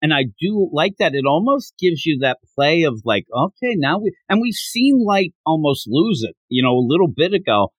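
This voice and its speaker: A man co-hosts a podcast in a casual, chatty way, his voice riding a little high and swinging widely as he slips into quick impressions of characters. The sound is dry, with no room around it. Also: no echo, dull audio. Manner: animated, acts out characters' lines in quick bursts. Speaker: podcast co-host.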